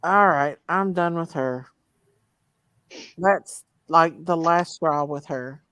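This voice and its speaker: A woman's voice: deep voice, slow, fairly bright tone, dry recording. Chatty woman hosting a livestream. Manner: chatty, laughs often, drawling country speech. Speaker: channel host. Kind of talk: casual late-night livestream chat.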